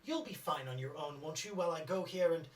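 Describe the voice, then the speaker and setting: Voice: mid-range voice, fairly quick, a little hiss or hum, lightly acted. A smarmy polished schemer, as a game master puts him on. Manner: oily, polite, ingratiating. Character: smooth scheming man, fussy about security. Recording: roomy, distant mic.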